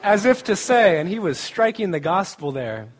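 A man's voice: high-pitched, very animated, normal speed, some chatter behind. A middle-aged man giving a casual, joking sermon at a student camp, often laughing as he speaks. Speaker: campus ministry speaker.

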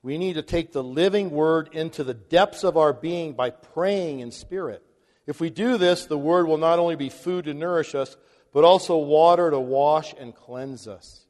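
A man's voice: a little high, moderate pace, darkish tone. A man preaching a conversational sermon to a large congregation, chuckling now and then between points. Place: large hall before a congregation. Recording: long hall reverb.

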